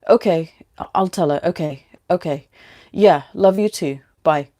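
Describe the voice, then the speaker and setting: A woman voicing a caring young father in a storybook reading, soft and reassuring. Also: lowish voice, a little slow, lightly acted. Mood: gentle.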